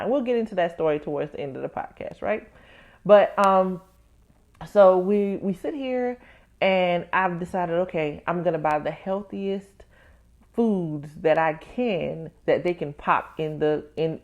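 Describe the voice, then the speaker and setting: A woman's voice: fairly low pitch, lo-fi sound. A woman hosting her own podcast as a tax professional. She talks candidly to listeners, calling them "baby" and "y'all," and acts out her own inner voices as she tells a story. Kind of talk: casual personal podcast talk.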